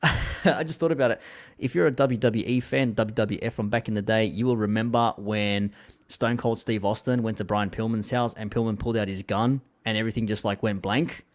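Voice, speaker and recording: A man's voice: on the low side, fairly even intonation, a little fast. A man hosting a casual commentary show, reading viewer comments in a laid-back way, dropping "man" and "like" often.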